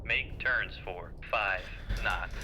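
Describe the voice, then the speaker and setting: A man's voice: lowish voice, takes it slowly. A man voicing a male submarine crewman in a game, giving clipped, formulaic helm and sonar callouts. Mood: terse. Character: male submarine crew voice calling out helm orders. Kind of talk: game voice lines. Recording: game audio under music.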